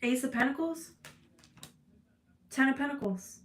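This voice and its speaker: A woman's voice: sits high, measured pace, reverberant, low-quality recording. A woman giving a tarot reading to her viewers, emotional and tearful, swearing freely and calling them y'all. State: crying. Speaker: tarot reader.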